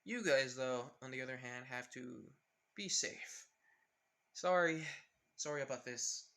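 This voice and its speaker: A man's voice: mid-range voice, unhurried, bright, forceful tone. A man voicing a young female ninja who speaks in a reassuring way.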